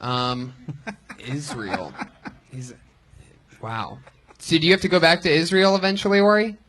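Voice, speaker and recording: Brash, forceful comedy host. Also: male voice, on the high side, unhurried. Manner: brash, profane roasting. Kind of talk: live comedy show banter.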